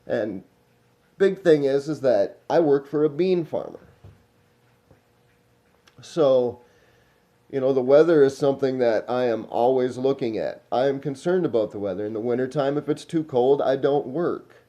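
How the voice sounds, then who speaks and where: Guy, loose rambling vlog monologue, warm low-key tone, drifts and trails off. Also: normal speed. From Minnesota. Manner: meandering, smoking while talking, trailing off. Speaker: vlogger.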